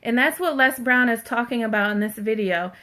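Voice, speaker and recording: On a casual stream from home, a woman reads viewer comments and talks with them chattily and from the heart, filling her speech with "like" and "you guys." Her voice is on the high side, brisk, bright and forceful.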